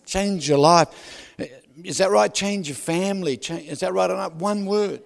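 Lively preacher, long hall reverb. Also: male voice, sits high, moderate pace, gravelly. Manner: loud, animated, keeps asking the crowd "is that right?"; jokey asides with laughs. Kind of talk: sermon.

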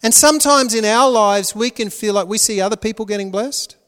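A male pastor preaching a sermon, swinging between loud emphatic lines and hushed, prayerful ones. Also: high-pitched, fairly quick, clear, resonant tone, long reverb tail.

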